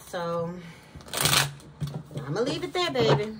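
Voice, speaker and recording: Woman, tarot reader, sassy slangy talk, fairly high voice, heard from a distance with clear background noise. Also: lively intonation, moderate pace. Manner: sassy, slangy, talks straight to viewers. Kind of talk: casual tarot reading to viewers.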